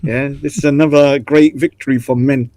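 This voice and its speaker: A man's voice: mid-range voice, fairly even intonation, normal speed, warm tone, no room sound. A man joining a live online panel, bantering casually and making mocking, provocative jokes. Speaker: panel guest.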